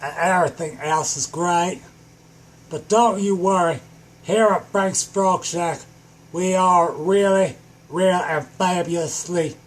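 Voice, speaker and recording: A man delivering a manic, rambling improvised comedy rant that keeps bursting into shouts. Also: sits high, slight background noise. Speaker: comedic vlogger.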